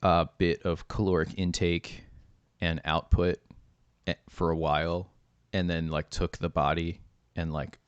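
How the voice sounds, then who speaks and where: A man's voice: low-pitched, level tone, a little slow, clean tone, dry recording, lo-fi sound. A man hosting a podcast in casual chat, rambling with many fillers and laughing easily. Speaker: podcast host.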